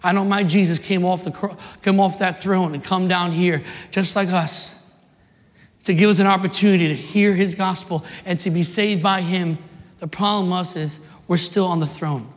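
A man preaching a sermon with passion, repeating his phrases and swinging from shouts to hushed tones. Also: sits high, fairly even intonation, moderate pace. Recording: long reverb of a large hall.

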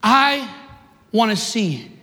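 A man, preaching passionately to young people, rising to emphatic shouts and dropping in joking asides. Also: very high-pitched, big pitch swings, extremely slow. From New York City, USA. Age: 30s. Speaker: youth minister. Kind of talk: preaching to a live audience. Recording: reverberant hall.

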